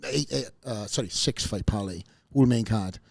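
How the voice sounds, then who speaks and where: A man's voice: fairly low pitch, normal speed, vocal fry, no room sound. A man hosting a podcast, joking around and rambling with lots of fillers before thanking his guest. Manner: joking, rambling, warm sign-offs with fillers. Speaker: podcast host. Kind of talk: casual podcast chat.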